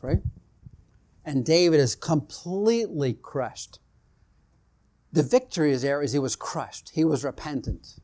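A man's voice: a little high, measured pace, pauses often, dark tone. A man preaching a sermon, retelling scripture stories and acting out the quoted exchanges, building in intensity as he goes.

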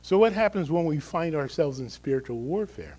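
A man's voice: a little high, animated, brisk, darkish tone, poor audio. A male pastor giving a conversational, emphatic sermon, often checking in with the congregation through tag questions.

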